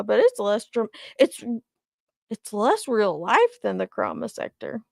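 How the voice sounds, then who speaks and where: A woman's voice: a little high, lively intonation, moderate pace, vocal fry, a little mellow, dry recording, clean studio sound. A woman in her thirties, hosting a casual livestream and chatting loosely while she reacts to viewer comments. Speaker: commentary channel host.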